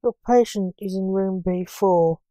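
A woman's voice: mid-range voice, unhurried, warm tone, no room sound, close to an everyday voice. A woman voicing a dogged, evasive male hospital orderly in an amateur story reading. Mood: insistent. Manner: plain, insistent.

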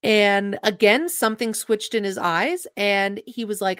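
A young adult woman speaks as a podcast guest, retelling her own story with earnest emotion. She slips into quoted dialogue as she goes. Her voice sits at an ordinary middle pitch and is recorded close and dry, with no room sound. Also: measured pace, a bit bright, smooth, dry recording. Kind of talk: personal storytelling in an interview.

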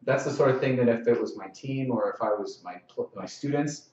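A man's voice: mid-range voice, a little fast, a little mellow. Man lecturing in an echoey room. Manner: conversational, frequent "okay?" check-ins, acts out sample lines. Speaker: lacrosse officials trainer. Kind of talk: training session lecture. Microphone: distant mic. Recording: roomy, distant, dull live-stream audio.

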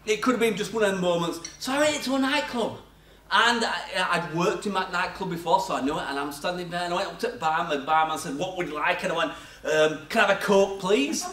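In a church hall, an older man preaches, sharing chatty stories from his own life and laughing at himself. His voice is high-pitched, fast and fairly bright, and the echoey church sound is picked up from far away.

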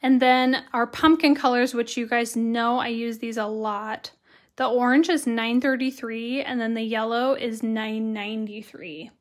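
A woman with a hoarse voice teaching watercolor on a live stream, chatty and greeting viewers by name as she works. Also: on the high side, steady tone, a little slow. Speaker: watercolor instructor. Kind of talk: live-stream craft tutorial.

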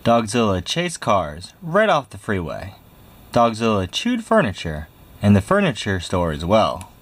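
A man reading a picture book aloud in a lively, expressive way. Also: lowish voice, measured pace, slightly rough. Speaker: storybook reader.

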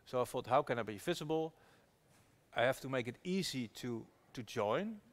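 A man's voice: mid-range voice, moderate pace. Earnest man telling a story. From Netherlands. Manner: earnest, animated storyteller with frequent restarts. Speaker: activist investor guest. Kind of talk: storytelling conversation at a public talk.

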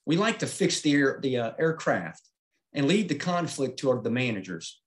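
A middle-aged man with a mid-range voice gives a safety presentation. He is plain-spoken and walks through each chart step by step, often checking in with a quick "okay?". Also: mid-range voice, very animated. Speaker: aviation safety instructor. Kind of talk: slide-based safety presentation.

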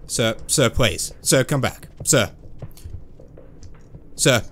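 A man's voice: medium pitch, animated, very slow, a bit bright. A man commentating his playthrough of a game, joking, swearing and doing silly voices. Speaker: gaming channel host. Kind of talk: let's play commentary.

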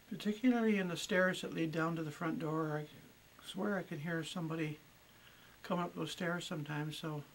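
A middle-aged woman telling stories about her own house in a chatty, unhurried way, with plenty of ums and uhs. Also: fairly low pitch, a little hiss or hum, rough recording. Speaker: homeowner and guest. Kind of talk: casual storytelling.

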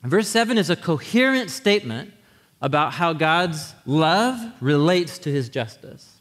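A man preaches to his congregation in an animated, conversational way, restarting phrases and often checking in with his listeners. His voice sits a little high for a man. The sound rings with the long reverb of a church sanctuary. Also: unhurried. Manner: animated teaching with frequent restarts. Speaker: pastor. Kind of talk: sermon.

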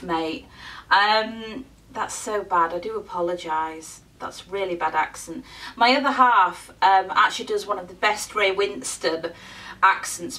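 A woman's voice: medium pitch, fairly bright tone, distant mic, poor audio. A woman from the UK chatting casually to camera as a beauty vlogger, rambling a little with frequent ums.

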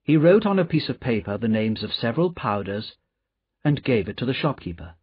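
A man reading a novel aloud as an audiobook narrator, in a slow, measured delivery. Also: mid-range voice, big pitch swings, husky, no echo. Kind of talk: scripted narration. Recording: dull, dry audiobook recording.

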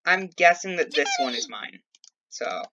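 A woman's voice: low-pitched, lively intonation, a little slow, sharp tone, slight background noise. A woman hosting a casual gameplay video, chatting playfully and talking to her in-game pets. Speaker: let's play host. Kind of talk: casual gameplay chat with light role-play.

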